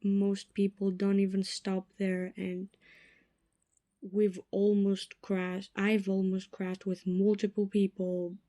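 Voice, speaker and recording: Slow, mellow-voiced young woman podcasting. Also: mid-range voice, monotone, no room sound, clean studio sound. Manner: chatty and self-mocking, drops to whispered asides. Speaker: podcast host. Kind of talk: casual solo podcast chat.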